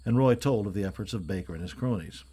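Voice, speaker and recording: A man reads a novel aloud in a steady, even storytelling manner, with a fairly low voice. It is plain scripted audiobook narration. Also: quick pace, breathy edge.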